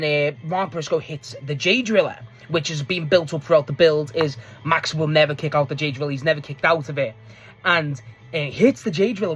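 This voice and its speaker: A man giving a casual, rambling recap of a wrestling match, excitable and quick to laugh and swear. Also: on the high side. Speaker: wrestling fan reviewer.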